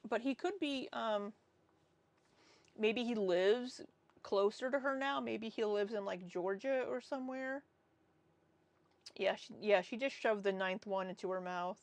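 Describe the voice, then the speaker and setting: A woman's voice: mid-range voice, measured pace, long pauses, no room sound. A woman hosting a casual reaction livestream, talking bluntly and sarcastically and swearing freely. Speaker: livestream commentary host.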